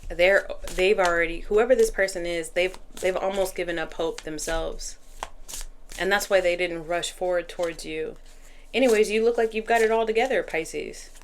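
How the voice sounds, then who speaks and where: A woman giving a casual tarot reading in a slightly low voice. She keeps up a chatty flow, talking to the cards and to spirit as she shuffles. A faint noise runs under the recording. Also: steady tone, moderate pace. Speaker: tarot reader.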